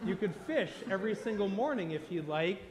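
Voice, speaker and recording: A man's voice: lively intonation, brisk, crowd noise. A man doing a pushy American business executive. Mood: persuasive. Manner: confident, persuasive sales pitch. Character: self-assured American male business executive, eager to advise. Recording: long hall reverb.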